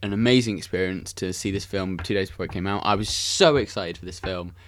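Rambling young man, lowish voice. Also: fast, a bit bright, no echo. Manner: rambling, enthusiastic, self-correcting. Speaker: podcast host. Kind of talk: casual film chat.

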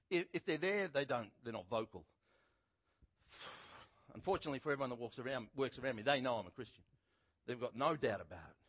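Middle-aged guy preaching, husky voice, swings his pitch all over telling the story. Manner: animated storytelling, acting out quotes loudly. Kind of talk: sermon.

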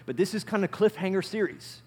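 A male pastor giving a conversational sermon, repeating phrases and swinging between loud and soft. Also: high voice, expressive, a little fast, husky.

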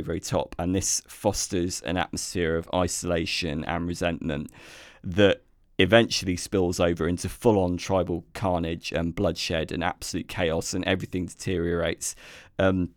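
Deep-voiced British man reviewing films. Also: dry recording, studio quality. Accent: British English. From Britain. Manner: hesitant, many fillers and restarts, lively when enthused. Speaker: podcast co-host, film reviewer. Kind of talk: casual film discussion podcast.

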